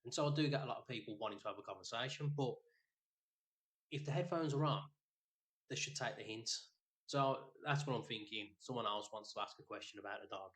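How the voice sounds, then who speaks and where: This podcast co-host has a medium-pitched voice and a brisk delivery. He rambles through a sweary story in relaxed chat, retelling it in an animated way.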